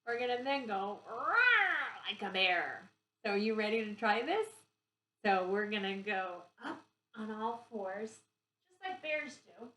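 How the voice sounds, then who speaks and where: A middle-aged woman, a pre-k teacher, gently guiding young children through yoga poses on video in an encouraging, sing-song way. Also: mid-range voice, lively intonation, a little slow. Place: home room recorded on camera. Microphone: camera mic from a distance. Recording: echoey room, far from the mic.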